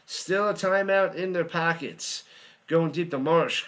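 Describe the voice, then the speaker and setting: A man's voice: a little high, a little slow, fairly bright tone. A man giving live play-by-play commentary, chatty, humming and joking between plays and rising on big ones.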